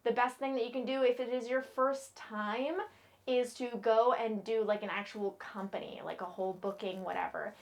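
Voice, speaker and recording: Chatty young woman, rather high voice. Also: fairly even intonation, normal speed, creaky. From New England, United States. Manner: chatty and frank, lots of "like", playful asides. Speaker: model and vlogger. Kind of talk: casual chat to camera.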